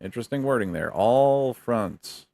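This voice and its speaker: A man's voice: mid-range voice, expressive, unhurried, gravelly, warm tone. A man co-hosting a casual political chat, laid-back and wry, swearing casually and reading points aloud. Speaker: co-host.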